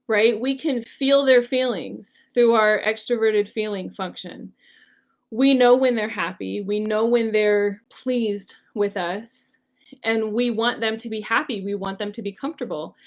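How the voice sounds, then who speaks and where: Earnest higher-voiced woman hosting a podcast. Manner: earnest, conversational, frequent "like" and "um". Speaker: podcast host. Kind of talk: solo podcast monologue.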